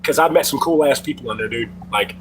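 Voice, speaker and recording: A man's voice: medium pitch, quick pace, slight background noise, rough recording. A middle-aged man hosting a casual livestream from home, telling loose, profane stories to his chat. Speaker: livestream host.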